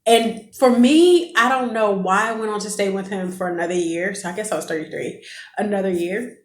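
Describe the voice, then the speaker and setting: A woman's voice: medium pitch, a little fast. Woman in her 30s doing a storytime vlog, talks straight to viewers, echoey room. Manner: chatty, emotional storyteller addressing viewers. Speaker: vlogger.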